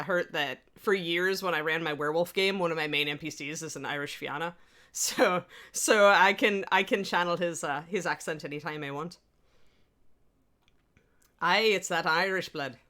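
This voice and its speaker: A woman's voice: lowish voice, normal speed, bright, forceful tone. A woman hosting a hobby livestream in casual chat, rambling and laughing often as she reads out and answers chat messages. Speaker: livestream host.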